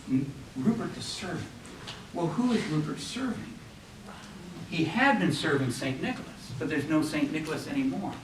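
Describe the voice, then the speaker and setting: A man's voice: medium pitch, a bit bright, recorded from a distance, slight background noise. Lecturing man in a roomy hall. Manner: rambling with frequent ums and restarts. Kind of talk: classroom lecture with storytelling.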